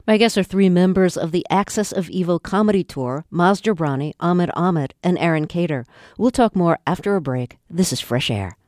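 A woman hosting a radio interview, asking measured, curious questions. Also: lowish voice, a little mellow, no echo, studio quality.

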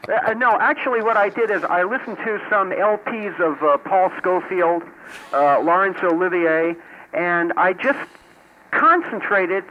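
A fairly high-voiced man with a Midwestern American accent, talking over a dull, muffled line. He chats easily and tells stories with energy. He is calling in to a radio program while driving. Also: slight background noise. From New York. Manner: talkative, lively storyteller. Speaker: radio show caller. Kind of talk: call-in radio chat. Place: driving in a car. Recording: dull, muffled phone-call audio.

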